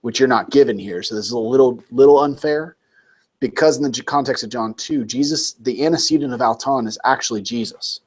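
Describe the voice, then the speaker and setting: A man's voice: mid-range voice, a little fast, husky. A man tutoring a student one-on-one, explaining points patiently and with emphasis. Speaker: Greek tutor.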